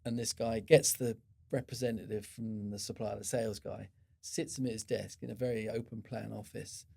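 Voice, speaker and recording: A man's voice: on the low side, normal speed, gravelly. A middle-aged man, a former procurement executive, speaks as a guest in a podcast interview and tells anecdotes with many restarts. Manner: animated storyteller, many restarts.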